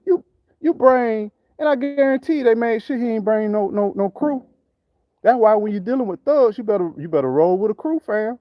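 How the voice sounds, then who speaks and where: Fired-up man ranting, high and lively. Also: dry recording, highs cut off. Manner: preachy, repetitive, street slang. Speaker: channel host. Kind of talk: impassioned commentary.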